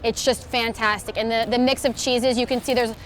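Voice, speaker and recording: A woman's voice: on the high side, little pitch movement, fairly quick, slight background noise. Enthusiastic woman raving over food. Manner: chatty, enthusiastic, self-deprecating. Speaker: co-host and food taster. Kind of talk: casual food-tasting chat. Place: outdoors on city streets.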